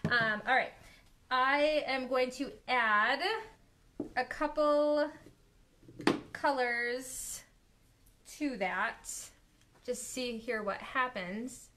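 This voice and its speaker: Woman, art studio owner, live-stream craft demo, excitable, slow-talking, slightly high voice. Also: a little hiss or hum. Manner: excitable, gasping, easily delighted. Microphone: phone or camera on live stream.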